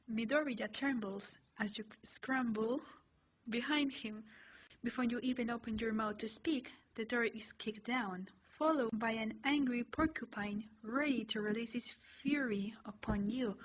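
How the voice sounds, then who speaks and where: A woman's voice: on the high side, measured pace. A woman narrating a second-person fanfiction story, reading plainly with small stumbles. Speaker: fanfiction reader. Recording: slightly muffled home recording with faint hiss.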